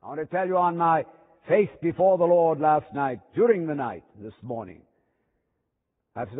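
A man preaching with a high, husky voice, leaning hard on key words and then falling to a near hush. His sermon rings out through a chapel with a long reverb tail. The sound comes through thin and narrow, like a phone line. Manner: emphatic preaching with dramatic pauses and drops in volume.

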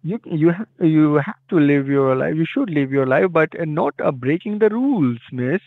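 A man on a phone call, hesitant and polite, filling pauses with 'uh' while reassuring. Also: a little high, animated, gravelly, no room sound. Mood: placating. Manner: hesitant, polite, many fillers. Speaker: phone scammer. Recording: tinny phone line.

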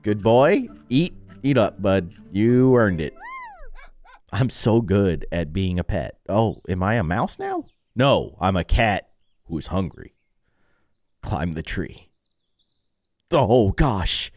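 A man's voice: lowish voice, slow pace, pauses often, dry recording, clean studio sound. A young man giving playful, goofy commentary on a video game he is playing, laughing often. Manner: goofy, laughing, animated reactions. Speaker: gaming YouTuber.

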